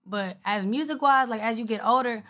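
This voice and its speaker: A woman's voice: fairly high pitch, fairly quick, a bit bright. A woman rapper, a guest in an interview, casually telling stories in a blunt, profane way and acting out the other people's lines. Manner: blunt, profane, retells exchanges with quoted voices.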